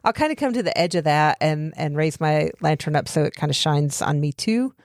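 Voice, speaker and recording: A woman playing a tabletop game, thinking aloud about her character's actions in a casual, halting way. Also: low voice, expressive, a little mellow, no echo, studio quality. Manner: thinks aloud, many fillers and restarts. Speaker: player.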